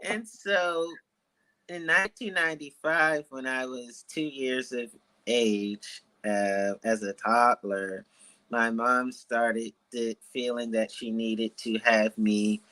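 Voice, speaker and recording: Slow, bright-voiced man around thirty. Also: medium pitch, steady tone, rough recording. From Washington, D.C. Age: about 30. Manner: deliberate, measured, articulate storytelling. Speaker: author guest. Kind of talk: telling his life story in an interview.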